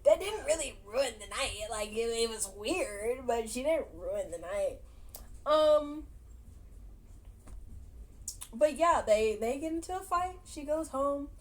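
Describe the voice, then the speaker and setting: A woman's voice: high-pitched, expressive, takes it slowly, pauses often. A woman casually retelling a movie's plot to her viewers, chatty and laughing as she goes. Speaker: movie reaction vlogger.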